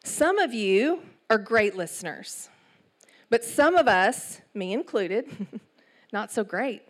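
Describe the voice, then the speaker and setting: A woman's voice: fairly high pitch, takes it slowly. East Texas woman preaching a sermon. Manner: animated storytelling with laughs and asides. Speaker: church speaker.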